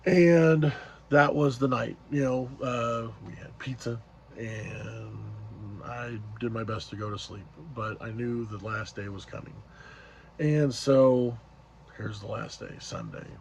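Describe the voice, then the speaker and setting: A man's voice: mid-range voice, steady tone, slow, gravelly, slight background noise. A man casually retelling an event as a vlogger, rambling along with many fillers and restarts. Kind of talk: casual storytelling recap.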